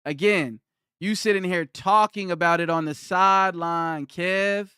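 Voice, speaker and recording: A man's voice: high voice, unhurried, bright, forceful tone, smooth, no room sound, studio quality. A man on a live stream, ranting back at his chat in a combative, mocking way and hammering the same points over and over. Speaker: livestreamer. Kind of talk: livestream rant answering chat.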